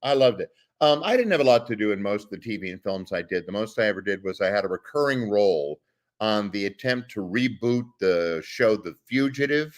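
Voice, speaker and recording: A middle-aged man, a voice actor guest, chatting casually and animatedly in an interview, sometimes dropping into growls to demonstrate. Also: brisk. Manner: animated storyteller, drops into deep growls to demonstrate.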